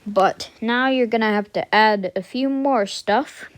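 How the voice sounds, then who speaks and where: Slow-talking casual woman tutorial maker. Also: on the high side, no room sound. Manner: unhurried, thinking aloud with fillers and self-corrections; mutters quiet asides to herself. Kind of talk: casual screen-recorded coding tutorial.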